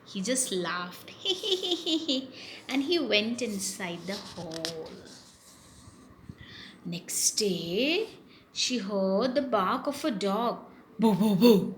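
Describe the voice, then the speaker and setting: A woman telling a story to young children in an animated way, with gasps and animal sounds. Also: medium pitch, takes it slowly, slight background noise.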